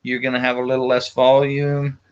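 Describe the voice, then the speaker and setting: A man's voice: mid-range voice, completely flat delivery, a little fast, smooth, muffled recording. A man co-hosting a homestead livestream, explaining things in a plain, easygoing way. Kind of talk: casual live-stream chat.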